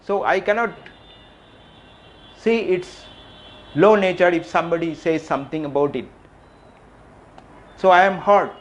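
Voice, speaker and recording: A middle-aged man giving a reflective public talk, asking questions and repeating phrases with frequent pauses. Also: sits high, dull audio. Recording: faint background noise.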